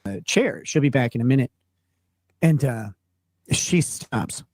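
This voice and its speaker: A man from Minnesota rambling through a casual story, halting often with fillers. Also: mid-range voice, animated, darkish tone, no echo. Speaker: streamer telling an anecdote.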